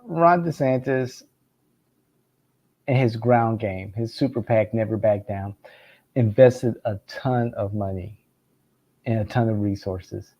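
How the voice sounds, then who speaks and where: A man's voice: fairly low pitch, husky, muffled recording. A man giving casual political commentary, sarcastic, often stammering over restarts and laughing between phrases.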